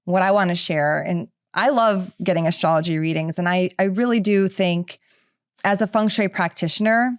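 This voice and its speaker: A woman's voice: lowish voice, moderate pace, clean tone, no room sound. Middle-aged woman, podcast host, chatty and casual, lots of fillers, dry close sound. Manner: chatty, filler-heavy with frequent "like".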